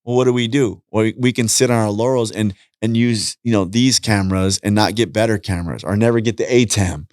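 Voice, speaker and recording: This middle-aged podcast guest talks fairly fast with few pauses in a lowish voice, telling vivid stories and playing out the dialogue during a casual chat. Dry, studio-quality recording.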